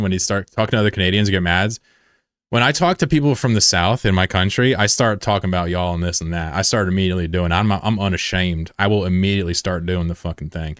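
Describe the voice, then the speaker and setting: A man with a Mid-Atlantic American accent talks in a low, flat, laid-back way, chatting casually with viewers of his stream. The sound is dry and close, with no room echo. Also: clear, resonant tone. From United States. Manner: self-described monotone, plain and laid-back. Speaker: game streamer. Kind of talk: casual live-stream chat, reading viewer messages.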